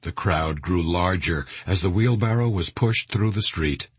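Man, audiobook narrator, low voice, very husky, grave, dry close recording. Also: unhurried, dry recording.

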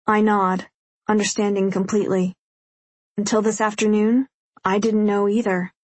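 A woman narrating a first-person romance novel as an audiobook in a quiet, intimate way. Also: medium pitch, level tone, normal speed, no echo.

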